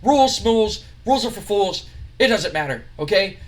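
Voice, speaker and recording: A man voicing a brash, boastful male wrestler who talks in a quick, cocky rant. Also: high voice, animated, pitched above the performer's own voice.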